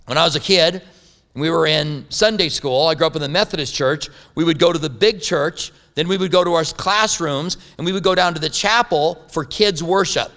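A man's voice: fairly high pitch, moderate pace, fairly bright tone. A man preaching a sermon as a pastor, telling stories with humorous asides. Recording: long hall reverb.

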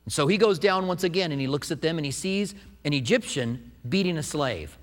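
Animated high-voiced preacher in echoing hall. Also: male voice, brisk. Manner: animated storytelling, acts out quotes. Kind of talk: sermon. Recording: echoey hall.

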